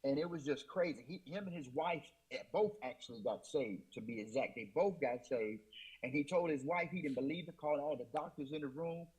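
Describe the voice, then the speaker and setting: Interview guest: a man with a slightly high, husky voice who tells his testimony earnestly and repeats himself. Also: a little fast, a little mellow, rough recording. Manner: earnest, repetitive retelling with many fillers and restarts. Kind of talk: personal testimony storytelling.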